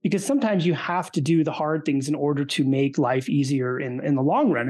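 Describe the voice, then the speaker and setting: A man's voice: a little high, darkish tone. A man, likely in his thirties, talking earnestly as a podcast guest, telling stories with animation. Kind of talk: casual interview talk.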